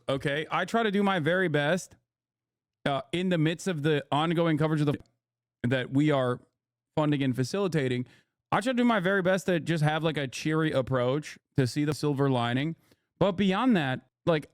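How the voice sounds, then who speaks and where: A man riffing on clips during a live stream, fired up and sarcastic, hammering his points home. His voice sits a little high, and the sound is dry and close to the mic with no room around it. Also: dry recording. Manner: sarcastic, heated, emphatic. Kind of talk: casual live-stream commentary.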